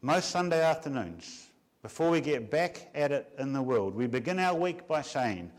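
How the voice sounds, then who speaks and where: A man, a pastor, preaching a Sunday afternoon sermon with measured emphasis and many rhetorical questions. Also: mid-range voice, animated.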